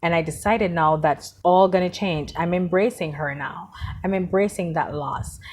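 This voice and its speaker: Grieving woman talking softly, pitch low. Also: moderate pace. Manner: emotional, heartfelt, repeats phrases. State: tearful, grieving. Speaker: vlogger. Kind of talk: personal vlog monologue.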